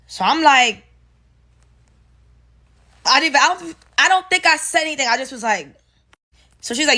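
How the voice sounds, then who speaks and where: A young woman with a slightly high voice speaks in a lively, unfiltered storytime monologue. She talks straight to her viewers and swears freely. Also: moderate pace, pauses often. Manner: animated, profane, addresses viewers as y'all. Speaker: storyteller vlogger.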